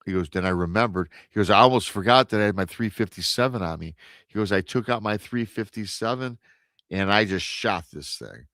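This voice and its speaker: A low-pitched man spins a creepy encounter tale in an easy, chatty way, jumping into the voices of the people in it and tripping over his own restarts. His voice sits close and dry on the mic, with no room sound around it. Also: brisk, dry recording. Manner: animated storyteller, acts out quoted voices, many restarts. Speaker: guest storyteller on a paranormal radio show. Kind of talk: casual retelling of an encounter story.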